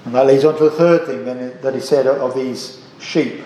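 A man's voice: medium pitch, steady tone, moderate pace, hardly any pauses, mellow, reverberant, a little hiss or hum, poor audio. A man preaching a sermon, earnest and emphatic, asking the congregation rhetorical questions and repeating key phrases. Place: church.

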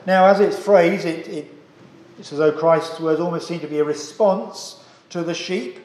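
A man's voice: a little high, normal speed, a little mellow, echoey room, low-quality recording. A man preaching a sermon, earnest and emphatic, asking the congregation rhetorical questions and repeating key phrases. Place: church.

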